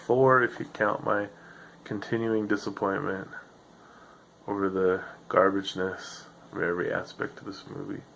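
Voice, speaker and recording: A man's voice: fairly low pitch, creaky, a little hiss or hum, poor audio. A man hosting a solo podcast, rambling in a sardonic, self-deprecating way with lots of fillers, sounding tired. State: tired, yawning. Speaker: podcast host.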